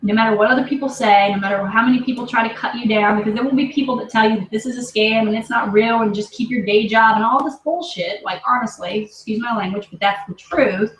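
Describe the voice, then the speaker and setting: A woman's voice: fairly high pitch, quick pace, hardly any pauses. A woman in her thirties telling a personal story to camera, emphatic and emotional, often checking in with her listeners. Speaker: vlogger and business team leader. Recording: roomy echo, distant mic, faint hiss.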